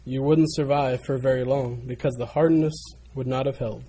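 A man voicing a patient, kind potter who gently explains why he shaped the teacup. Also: medium pitch, steady tone, normal speed, breathy edge. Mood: gentle.

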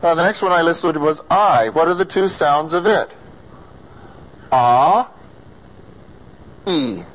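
A singing or diction teacher with an American accent and a slightly high, somewhat bright, expressive voice leads a lesson on vowels at normal speed. He patiently demonstrates each sound and asks his students questions, captured in a rough recording.

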